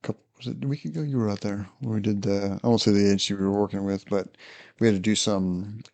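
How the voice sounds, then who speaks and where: A man hosting a podcast, telling a work story in casual chat, his voice climbing high as he laughs through it. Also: steady tone, fast, gravelly, darkish tone. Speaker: podcast host, police officer.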